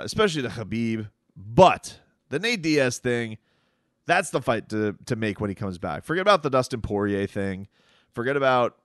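A man's voice: fairly low pitch, clear, resonant tone, no echo, clean studio sound. A man talking through sports news in casual commentary, rambling and conversational with frequent restarts.

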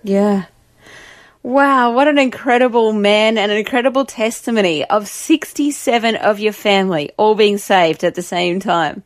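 A woman's voice: mid-range voice, moderate pace, no room sound, studio quality. Woman interviewer with short reactions. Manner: brief affirming reactions. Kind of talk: interview responses.

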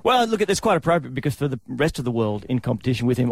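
A man hosting a radio show, joking and laughing often and slipping in quick station plugs. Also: medium pitch, vocal fry, darkish tone, faint music behind. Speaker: radio host. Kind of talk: breakfast radio banter.

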